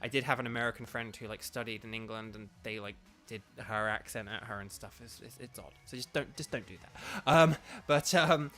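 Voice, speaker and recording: A man's voice: mid-range voice, a little fast, few pauses, a bit bright, faint music behind. A man streaming a video game, chatting casually and drifting between the game and his viewers' comments. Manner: chatty, digressive, reads chat aloud. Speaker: gaming streamer and voice actor.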